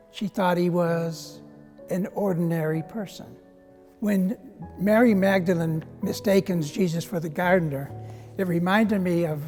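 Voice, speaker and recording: A priest in his seventies giving an Easter message, telling a personal story in a gently humorous, conversational way. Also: high voice. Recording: long reverb with faint music.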